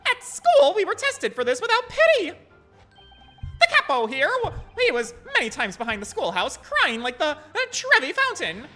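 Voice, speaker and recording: A man reading game dialogue as an excitable young con man with a put-on Italian accent, exuberant and theatrical. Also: very high-pitched, moderate pace, music in the background, pitched above the performer's own voice, full character voice. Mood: boastful.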